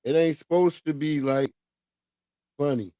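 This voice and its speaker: A man's voice: fairly high pitch, unhurried, mellow, dry recording. A man hosting a livestream, chatting casually with viewers in a rambling, profane way and drifting off on tangents. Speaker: livestream host.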